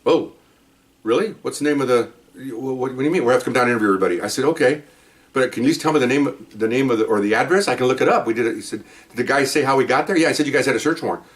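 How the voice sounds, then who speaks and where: A man's voice: medium pitch, very fast. A retired police detective in his fifties telling work stories in a casual monologue, acting out the dialogue in quoted voices.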